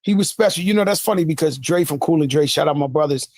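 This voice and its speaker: A man from the Bronx chatting as a podcast guest, animated and loose, tripping over restarts as he tells stories. The sound is dry and close, with no room around him. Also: on the high side, fast talker, dry recording. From New York, the Bronx. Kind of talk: casual podcast chat.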